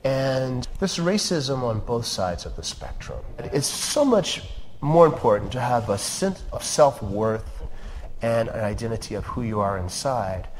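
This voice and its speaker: A man from Appalachia, a surgeon telling his life story in an interview, in an earnest, measured, firm way. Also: mid-range voice, lively intonation. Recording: lingering reverb, faint background hum.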